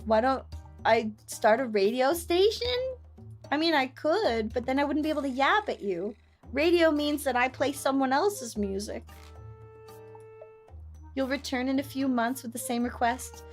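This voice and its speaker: A young woman streamer chatting casually, telling family stories with playful, loud acted-out quotes. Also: sits high, animated, a little slow, faint music behind. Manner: chatty storytelling, playful, acts out quotes loudly. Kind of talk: casual chat.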